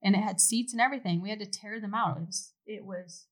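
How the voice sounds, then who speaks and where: A middle-aged woman from Oregon, a podcast guest in casual chat, telling animated stories with frequent laughs and the odd swear word. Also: mid-range voice, fast, low-quality recording.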